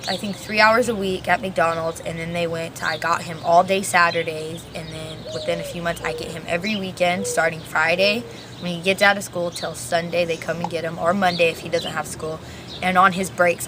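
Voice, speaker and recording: An eighteen-year-old woman telling her story in a casual, animated interview. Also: on the low side, noisy background. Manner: animated retelling with acted quotes, casual.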